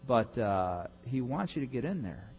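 A man's voice: mid-range voice, big pitch swings, moderate pace, long reverb tail, lo-fi sound. A man preaching a conversational sermon as pastor, chatty and joking with many fillers and asides.

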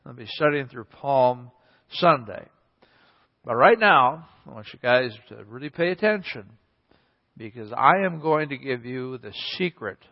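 A male pastor preaching a sermon, telling a story and repeating key points for emphasis. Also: medium pitch. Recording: echoey hall, slightly dull.

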